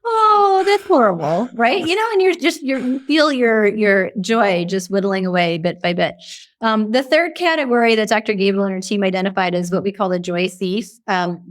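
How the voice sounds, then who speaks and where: A middle-aged woman, a guest expert in a conversational interview, explaining with lively, animated delivery. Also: normal speed. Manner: animated, acts out example dialogue with big pitch jumps.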